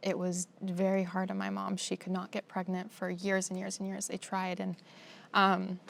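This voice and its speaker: Young woman guest sharing her story, gravelly fry in the voice, flat tone, kinda choked up and halting. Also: medium pitch, a little hiss or hum. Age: young adult. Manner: emotional, halting, many fillers. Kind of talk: personal testimony in a sit-down conversation.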